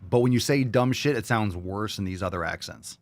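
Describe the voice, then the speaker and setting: A man's voice: fairly low pitch, brisk, no echo. A man hosting a podcast, reacting to clips with crude, combative, profanity-laced rants. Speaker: podcast host.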